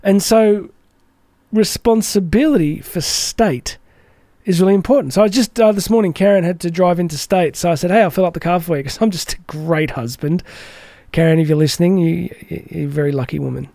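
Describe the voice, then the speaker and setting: An energetic man hosting a motivational podcast, with a fairly high but warm, mellow voice. He talks chattily and acts out the voices of the people he quotes. The recording is close and dry, with no room echo. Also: normal speed, vocal fry. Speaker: podcast host.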